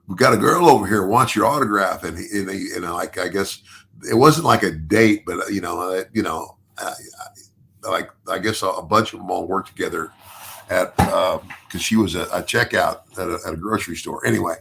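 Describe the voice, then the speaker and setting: With a low, gravelly yet fairly bright voice, an older podcast guest rambles through a lengthy anecdote at a moderate pace. He keeps restarting and repeating himself, laughing softly along the way.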